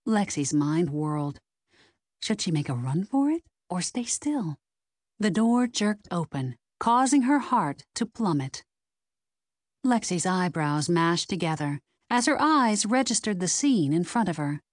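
Woman, audiobook narrator, mystery reading, expressive, lowish voice, dry sound. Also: unhurried, no echo.

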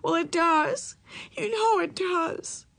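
Woman reading as a sobbing teenage girl, high and tearful. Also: slow pace, creaky, fairly bright tone, exaggerated voice. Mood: tearful, distraught. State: crying. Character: upset teenage girl sobbing over ruined hair.

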